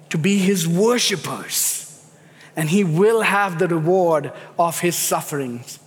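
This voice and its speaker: A man preaching a sermon, emphatic and building in intensity as he speaks. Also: sits high. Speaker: pastor. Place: church sanctuary. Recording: echoey hall reverb.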